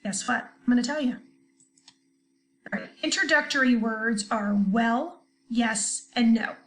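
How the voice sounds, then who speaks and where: A woman teacher talks straight to her young students in a recorded distance-learning grammar lesson. Her voice sits a little high, and she keeps a chatty, upbeat manner. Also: unhurried, fairly bright tone, slight background noise. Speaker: third grade teacher.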